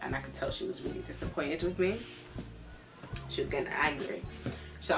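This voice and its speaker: A woman's voice: sits low, brisk, long pauses. Young woman, casual storyteller, blunt, swears freely, trails off and restarts, faint music behind. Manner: sipping a drink while talking. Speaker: vlogger.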